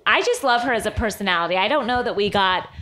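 A woman's voice: mid-range voice, lively intonation, quick pace, fairly bright tone. A woman co-hosting a podcast in casual, encouraging chat. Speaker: podcast co-host.

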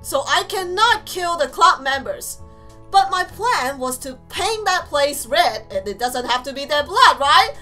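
Very high, excitable woman gamer. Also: unhurried, faint music behind. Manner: excitable, gleeful, shouting and playfully menacing. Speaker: gaming streamer. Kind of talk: let's play commentary.

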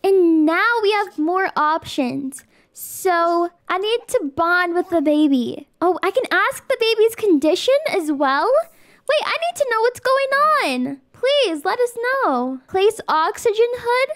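Excitable high-pitched woman gaming. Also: a little slow, no echo, clean studio sound. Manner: excitable, gushing, exclaims often; reads game text aloud. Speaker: let's play host. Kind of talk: casual gameplay commentary.

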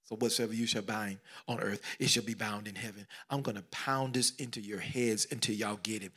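A middle-aged man preaching a sermon, swinging between loud exclamations and hushed whispers, repeating phrases and calling out questions to the congregation. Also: lowish voice, fairly even intonation, brisk, hardly any pauses, slightly rough. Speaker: pastor.

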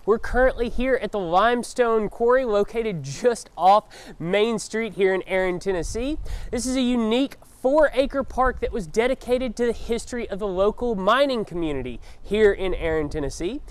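High-voiced man giving an outdoor town tour. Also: normal speed, clean tone. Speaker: real estate vlog host. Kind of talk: scripted tour narration.

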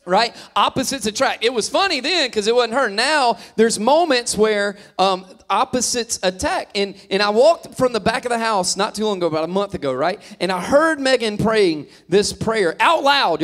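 Man, pastor, high voice, joking sermon, playful storyteller. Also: a bit bright. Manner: joking, teasing storyteller addressing the crowd. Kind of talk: humorous sermon.

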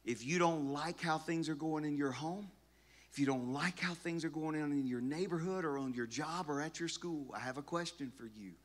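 A man's voice: fairly high pitch, normal speed. A middle-aged male pastor giving a conversational sermon that builds in intensity through repeated phrases.

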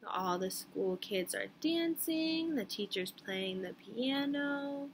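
A woman's voice: fairly high pitch, expressive, takes it slowly, slight background noise. A woman preschool teacher reading a picture book aloud to young children, stopping to ask them questions.

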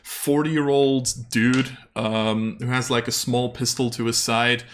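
A man of middle pitch narrates a tabletop game as game master. He rambles, fills gaps with fillers and laughs often. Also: little pitch movement, slow, a bit bright, slight background noise.

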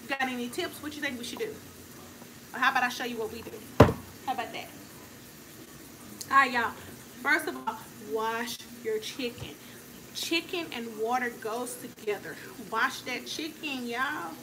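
In a noisy home recording, a woman cooks in her kitchen for her vlog, playfully chatting and speaking straight to the audience. Her voice is a little high, at a moderate pace with long pauses.

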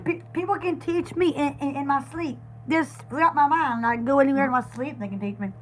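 A woman's voice: sits high, brisk. A woman hosting a live sale, chatty and giggly, stumbling and repeating words. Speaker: live-stream seller. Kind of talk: casual live sale chat.

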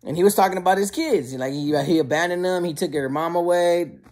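A man who served time, casually telling prison stories in a slangy, animated way. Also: sits high, a little fast. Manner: slangy and conversational, often calls listeners bro; animated, acts out quoted lines. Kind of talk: casual storytelling to camera.

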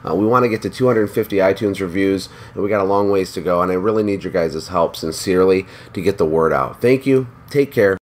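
A man with a fairly low voice delivers an energetic motivational monologue as a podcast host. He leans hard on repetition and direct appeals to the listener. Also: a little fast, few pauses, slight background noise. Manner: energetic, pep-talk, repeats words for emphasis.

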